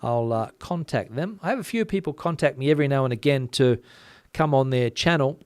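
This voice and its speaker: A man from Western Australia with a softened Australian accent, hosting a casual chat, reading out viewer comments and talking quickly with lots of fillers. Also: mid-range voice, animated, no room sound. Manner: chatty, many fillers, talks fast. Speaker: channel host.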